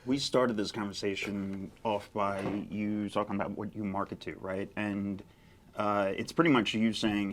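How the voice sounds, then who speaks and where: A man with a low voice co-hosts a casual podcast. He talks loosely and tosses in quick check-ins with his guest as he makes his point. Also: steady tone. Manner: loose, swears, tags questions with "right?".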